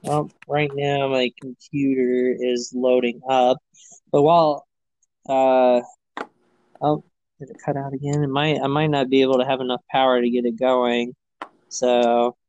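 A man hosting a sports podcast from his computer over a remote call, with an easygoing manner and frequent "uh" pauses. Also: medium pitch, little pitch movement, a little mellow, lo-fi sound. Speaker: podcast host. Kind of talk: casual sports chat.

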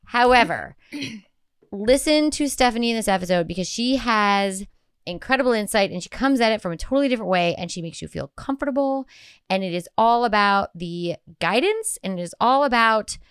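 A woman's voice: fairly high pitch, expressive, moderate pace, clear, resonant tone, no room sound. A woman co-hosting a podcast, chatting casually and rambling with bursts of laughter. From Southern California. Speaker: podcast co-host. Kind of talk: casual chat.

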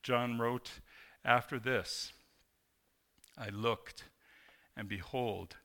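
Man, pastor, sermon, bright crisp voice, emphatic scripture reading. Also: medium pitch, steady tone, drawn-out words. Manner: preaching with swelling emphasis and reading scripture aloud.

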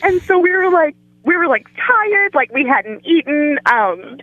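A woman's voice: high-pitched, very animated, unhurried, no echo, phone-quality sound. A woman guest on a podcast, telling a story in casual chat and acting out the quoted voices.

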